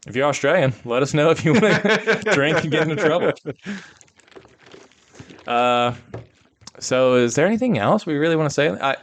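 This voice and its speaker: A man's voice: on the high side, expressive, moderate pace, long pauses, slight background noise. A man co-hosting a podcast, giving rambling, opinionated takes on a film with lots of fillers. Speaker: podcast co-host. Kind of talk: casual film discussion.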